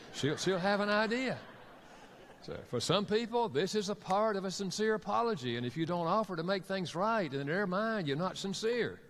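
A man's voice: fairly high pitch, in a large hall. A man preaching a sermon as a pastor and counselor, telling stories and acting out what couples say to each other. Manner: storytelling, acts out quoted couples in dialogue.

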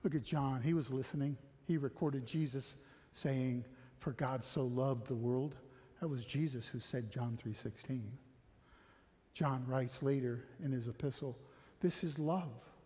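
Slow, preaching man in a reverberant hall. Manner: swings from hushed and low to loud, high exhortation. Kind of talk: sermon.

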